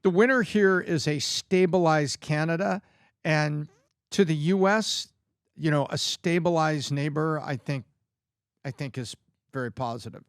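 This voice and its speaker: A man's voice: on the high side, unhurried, clean tone, no echo, studio quality. A man talking on a podcast, thinking aloud and correcting himself as he goes. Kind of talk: casual podcast discussion.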